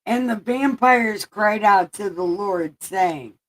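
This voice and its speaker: A woman host reads scripture as irreverent comedy, laughing at her own profane asides. She speaks slowly at a middling pitch. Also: rough recording. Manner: profane, giggly, deadpan asides. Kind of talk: irreverent comic scripture reading.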